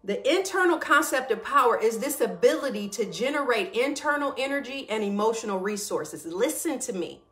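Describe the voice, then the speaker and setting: A woman hosting a casual morning live stream. She greets viewers by name and hypes them up, then turns slow and reflective when reading her notes. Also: a little high, lively intonation, a bit bright, echoey room.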